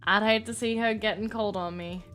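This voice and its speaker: A woman's voice: mid-range voice, fairly even intonation, normal speed, fairly bright tone, faint music behind, close to an everyday voice. Give me a woman playing an easygoing young American cowboy with a folksy Southern drawl. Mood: uneasy. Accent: American Southern, put on.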